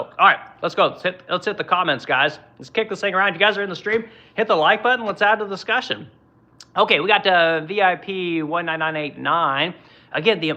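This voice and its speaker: A man's voice: a little high, pushed and bright. A man hosting a livestream, ranting in a blunt, profane way with lots of fillers and tag questions, reading viewer comments from his workshop. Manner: blunt, profane, rambling with many fillers and "right?". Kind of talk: casual political rant.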